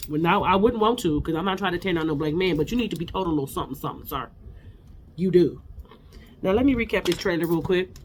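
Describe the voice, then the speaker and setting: A woman's voice: on the low side, lively intonation, fast talker, slight background noise. A woman hosting a casual reality TV recap. She talks bluntly and fierily, with slang and lots of repetition.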